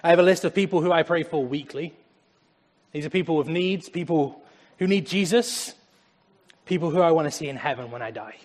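A young man preaching a lively sermon in a church, laughing often as he talks. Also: a little high, fairly quick, in a large hall. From Germany. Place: church sanctuary.

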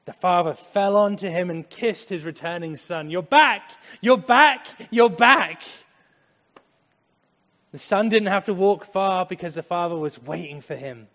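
Brief: male pastor, sermon, dramatic swings between loud and hushed, echoing church hall. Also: sits high, moderate pace, few pauses. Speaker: preacher. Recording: echoey hall.

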